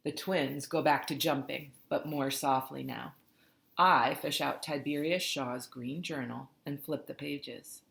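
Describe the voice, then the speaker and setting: Audiobook narrator, woman, low and slow, earnest reading, echoey room. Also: fairly even intonation, creaky, fairly bright tone. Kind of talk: first-person storybook narration. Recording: roomy echoey recording.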